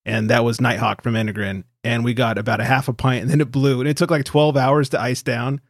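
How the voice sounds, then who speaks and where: A man's voice: medium pitch, level tone, a little fast, no echo, studio quality. A man in his thirties hosting a podcast, talking casually, swearing and laughing often. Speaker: podcast host. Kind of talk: casual chat.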